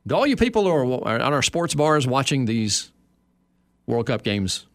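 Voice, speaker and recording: A man's voice: mid-range voice, big pitch swings, normal speed, no room sound, studio quality. A man hosting a sports radio show, chatting casually and wryly, reading copy aloud with playful emphasis. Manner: wry, reads copy aloud with exaggerated emphasis. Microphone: studio microphone.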